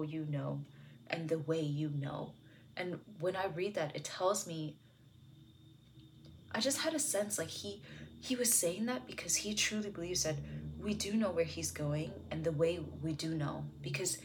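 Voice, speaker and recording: Low-voiced woman talking through scripture, soft and earnest, lots of "like" and "you know", slips into whispers. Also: slight background noise. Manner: drops into a whisper at times. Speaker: devotional video host. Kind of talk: reflective Bible commentary.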